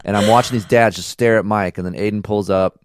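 A man hosting a casual podcast, telling a story in a relaxed, slangy way. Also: lowish voice, quick pace, clean tone, no echo, clean studio sound. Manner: laid-back storytelling with slang. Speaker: podcast host. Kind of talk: casual chat.

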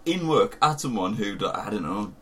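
A man's voice: on the low side, very animated, moderate pace, sharp tone, slightly rough. A young man with a Northern English accent, a laid-back co-host in casual chat who laughs often. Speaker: podcast co-host. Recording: faint background noise.

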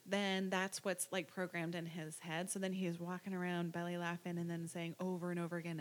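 Lower-voiced mother, talking in long rambles. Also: flat delivery, brisk, hardly any pauses. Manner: rambling, with frequent restarts and fillers. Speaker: parent. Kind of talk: casual conversation.

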